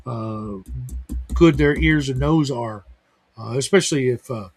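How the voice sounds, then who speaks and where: A man's voice: mid-range voice, a little slow, faint music behind. A middle-aged man hosting a livestream talk show in casual chat, rambling with lots of fillers. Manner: rambling, heavy use of fillers.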